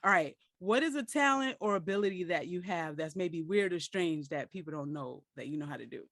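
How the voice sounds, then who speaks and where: A woman hosting a podcast, telling stories in a casual, animated, self-mocking way and laughing often. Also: lowish voice, a little fast, no room sound, studio quality. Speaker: podcast host. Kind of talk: casual storytelling interview.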